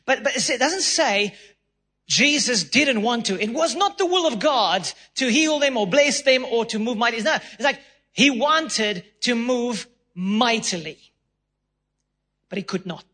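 South African pastor, male, high bright voice, emphatic sermon delivery with playful acted voices. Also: expressive, measured pace. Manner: emphatic preacher, acts out voices and laughs.

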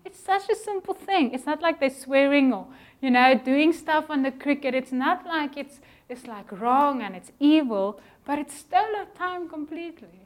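A middle-aged woman preaching a conversational sermon in a church, animated and chatty, acting out little scenes and sometimes dropping her voice to a near whisper. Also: sits high, moderate pace, hardly any pauses. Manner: animated, conversational, acts out voices in quotes, drops to a whisper at times.

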